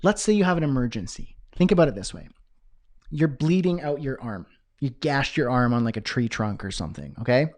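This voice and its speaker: A man teaching a business class on a livestream, talking in an energetic, conversational way. He answers chat questions and checks in with the audience often. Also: medium pitch, fairly quick. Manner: energetic, conversational, frequent "okay?" check-ins. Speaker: business coach.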